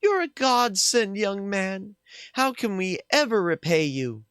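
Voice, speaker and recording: A man's voice: high voice, big pitch swings, a little slow, fairly bright tone, clean tone, no room sound, clean studio sound, pitched above the performer's own voice, full character voice. A man voicing a kindly, grateful old cobbler's wife in a raised, sweet voice.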